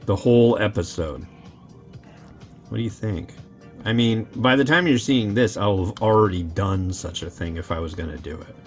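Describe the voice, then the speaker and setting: A man's voice: lowish voice, normal speed, soft background music. A man who reviews instant noodles, chatting casually and rambling to his viewers as he cooks and tastes. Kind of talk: casual chat while cooking and tasting.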